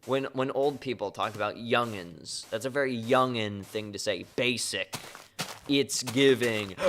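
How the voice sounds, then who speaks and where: A man's voice: medium pitch, a little slow, a bit bright. Offhand joking male streamer, noisy game audio. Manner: offhand, joking replies to chat. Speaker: live streamer playing a game. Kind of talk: casual live-stream chat while gaming.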